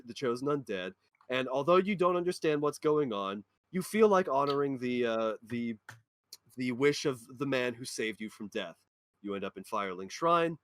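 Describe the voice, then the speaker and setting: A man's voice: medium pitch, no echo. A man in a casual podcast chat, passionately ranting about a game. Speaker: podcast co-host or guest.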